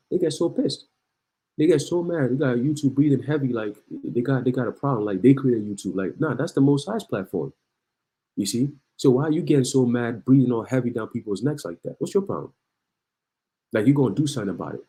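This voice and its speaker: A man's voice: medium pitch, expressive, fairly quick, dark tone, poor audio. A man preaching in heated commentary on the news, reading articles aloud and then ranting. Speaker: online preacher.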